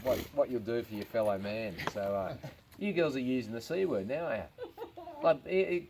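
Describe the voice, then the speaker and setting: A man's voice: mid-range voice, lively intonation, brisk. A male stand-up comedian with an Australian accent, telling crude jokes and swearing stories to a small crowd at a farm party. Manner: crude, laid-back, swearing storyteller. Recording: crowd noise behind. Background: crowd laughing.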